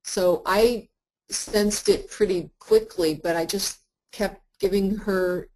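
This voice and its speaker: A woman therapist lecturing to practitioners in an earnest, conversational way, with frequent pauses and fillers. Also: mid-range voice, steady tone, dark tone, poor audio. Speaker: therapist teaching a workshop.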